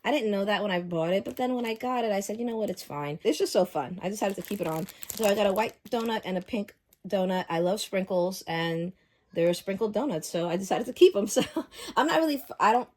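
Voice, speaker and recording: A woman vlogger chatting casually through an unboxing, gushing and excitable. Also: mid-range voice, fast.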